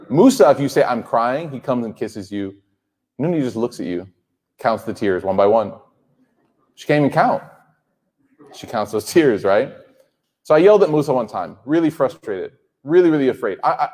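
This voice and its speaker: A man's voice: mid-range voice, a little mellow. A man in his thirties giving a sermon to a live audience, conversational and joking, often asking the crowd questions. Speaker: Islamic speaker. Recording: hall reverb.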